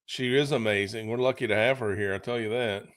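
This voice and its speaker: A man's voice: lowish voice, fairly even intonation, fairly quick, a bit bright. A man in a casual livestream chat, reading comments aloud in a wry way.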